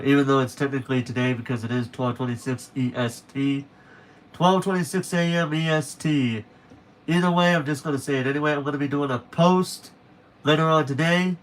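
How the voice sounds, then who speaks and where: A young man chatting casually to viewers on a late-night stream, rambling and correcting himself as he goes. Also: a little high.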